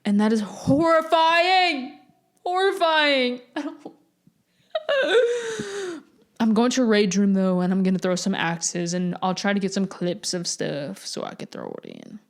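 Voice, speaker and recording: A woman's voice: lowish voice, huge pitch swings, moderate pace, creaky, hardly any pauses, darkish tone. Rambling eighteen-year-old woman podcaster. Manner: rambling, chatty, self-mocking. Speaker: podcast host. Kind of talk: casual solo podcast chat.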